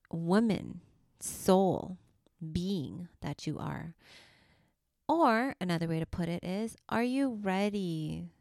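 A woman hosting a spiritual podcast for mothers, speaking softly and affectionately and sometimes dropping to a whisper. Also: lowish voice, gravelly, no echo, clean studio sound. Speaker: podcast host and life coach. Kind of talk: slow, soothing spiritual podcast talk.

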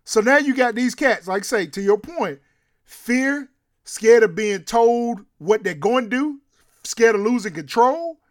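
A man co-hosting a sports radio show, talking in an animated, emphatic, slangy way. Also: very high voice, measured pace, no echo, studio quality. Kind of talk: casual sports talk.

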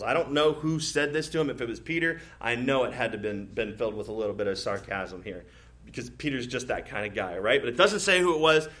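A male pastor preaching a sermon in a conversational, playful way, with frequent asides, rhetorical questions and quick shifts into imagined voices. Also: mid-range voice, sharp tone. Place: church stage.

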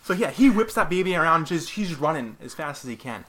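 A man casually telling a gaming story, animated, laughing often as he tells it. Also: a little high, a little fast, a little hiss or hum.

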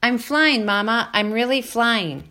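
A woman voicing an eager young gosling with high, squeaky cries. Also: big pitch swings, normal speed, bright, forceful tone. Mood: excited.

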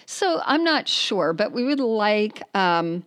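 A woman's voice: medium pitch, big pitch swings, slow, a bit bright, clean tone, no echo, studio quality. A woman co-hosting a podcast in casual, playful chat, often laughing. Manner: chatty, giggly, playful. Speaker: podcast co-host.

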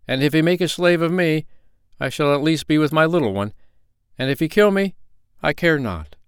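Brave poor dad in a fairy tale, pleading and heartfelt, dry smooth voice, man reading. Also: fairly high pitch, lively intonation, moderate pace, no room sound, voice pushed up. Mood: earnest. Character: humble, brave peasant father mourning his child.

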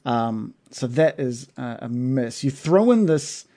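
A man's voice: medium pitch, expressive, takes it slowly, warm tone. A man narrating as game master of a tabletop game, hesitant, with many fillers and restarts.

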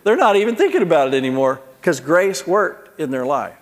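Animated storytelling pastor in a reverberant hall. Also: male voice, on the high side, fairly quick. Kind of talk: sermon with storytelling.

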